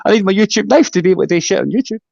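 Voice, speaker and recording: A man's voice: high-pitched, animated, very fast, vocal fry, a little mellow, no room sound. A man hosting a live stream, rambling and joking crudely in casual banter, with dull lo-fi audio from a home mic. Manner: rambling, crude, jokey, swears a lot. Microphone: home microphone on a live stream.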